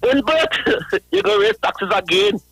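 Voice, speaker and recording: A man calling in to a radio show, ranting in a high voice, laughing through his words and mocking a critic again and again. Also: expressive, slow pace, a bit bright, slightly rough, dry recording, soft background music, low-quality recording. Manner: repetitive, mocking, addresses a critic by name. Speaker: radio caller. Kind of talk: ranting call-in. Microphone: phone line.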